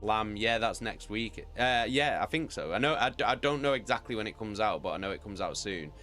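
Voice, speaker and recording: A man's voice: fairly low pitch, expressive, fairly quick, bright, forceful tone, soft background music. A British man chatting casually with viewers as a streamer, rambling and swearing freely. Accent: British English. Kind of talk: casual chat.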